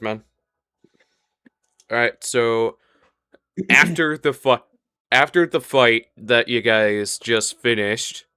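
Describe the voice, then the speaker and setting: A young man running a tabletop game as dungeon master. His voice is bright and smooth, and the sound is dry and close. He chats casually and lays out the rules plainly. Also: mid-range voice, no room sound.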